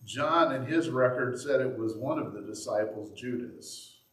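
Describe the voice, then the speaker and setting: Far from the mic, with the room's echo audible, a man delivering a sermon speaks at a measured pace in a mid-range, slightly bright voice. As a pastor, he narrates the story conversationally and acts out each quote.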